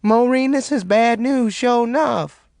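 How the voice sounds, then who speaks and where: A man voicing an excitable woman who shrieks and moans her news. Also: very high voice, a little slow, creaky, dry recording, clean studio sound, pitched above the performer's own voice, heavily acted. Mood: shrieking. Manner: shrieking, moaning.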